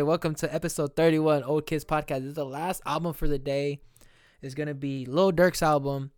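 Guy hosting a podcast, loose rambly reaction chat, smooth clear voice, dry close sound, faint music behind. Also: mid-range voice, dry recording. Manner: loose, rambling, heavy use of "like" and "you know what I'm saying". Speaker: podcast host reacting to an album.

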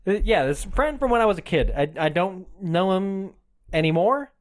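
A man in his twenties rambles through a comic story on a podcast. His voice sits a little high, and he slips into the people he quotes as he goes. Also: lively intonation, moderate pace. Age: 20s. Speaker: podcast co-host. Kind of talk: casual comedic banter.

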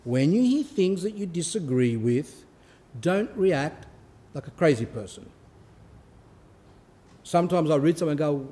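A man who is a priest, giving an earnest sermon with pauses for emphasis. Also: on the high side, animated, dark tone. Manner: earnest, pausing to stress points.

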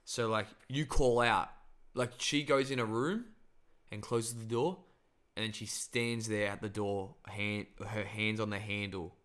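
A man's voice: lowish voice, measured pace. A man in casual chat, animatedly telling a story and musing about whether reality is fake. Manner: animated storyteller, acts out voices.

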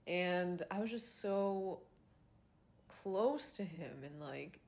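A woman's voice: fairly low pitch, expressive, takes it slowly, a little mellow. A young woman hosting a podcast, telling a personal dating story in a casual confessional way, swearing and fighting back tears. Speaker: podcast host.

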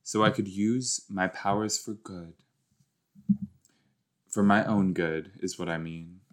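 A man's voice: low voice, fairly even intonation, slow, fairly bright tone. A man hosting a rewatch podcast, giving rambling, jokey reaction commentary that often trails off.

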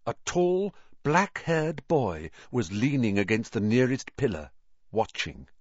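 A man's voice: mid-range voice, big pitch swings, slow, dry recording, highs cut off. A man narrating a fantasy storybook expressively and dramatically. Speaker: audiobook reader.

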